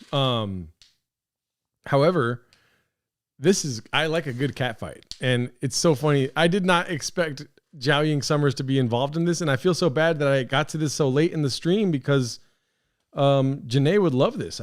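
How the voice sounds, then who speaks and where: A man hosting a live stream, rambling in casual commentary with lots of swearing, fillers and restarts. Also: medium pitch. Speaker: podcast host streaming.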